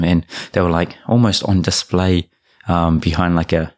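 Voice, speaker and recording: A young man with a New Zealand accent hosts a podcast, chatting casually and rambling with lots of fillers and restarts. His voice is low-pitched and a little mellow, with little pitch movement, at a moderate pace.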